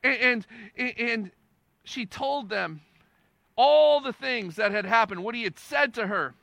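A male pastor delivering a sermon in a conversational, emphatic way, repeating phrases for stress and swinging between quiet and loud. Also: very high voice, slow pace, gravelly, no room sound.

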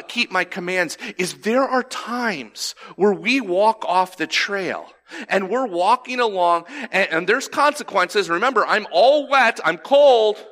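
A man, telling a personal story in a sermon and acting out the lines he quotes. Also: on the high side. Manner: animated, acts out quoted lines. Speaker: pastor.

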